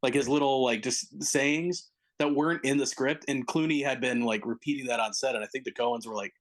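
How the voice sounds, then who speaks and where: A man's voice: mid-range voice, brisk. Rambling, enthusiastic man on a podcast. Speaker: podcast co-host. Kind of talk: casual film podcast chat.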